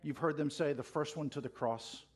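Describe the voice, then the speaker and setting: In a church sanctuary, a man preaches a passionate sermon, getting fired up and calling out questions to the congregation. His voice is a little high and darkish at normal speed, with slight background noise.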